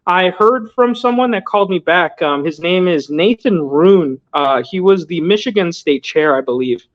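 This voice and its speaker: Young male guest, high voice, rambling earnest delivery, dull lo-fi audio. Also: expressive, moderate pace. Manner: loose, filler-heavy, earnest. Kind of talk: casual storytelling interview.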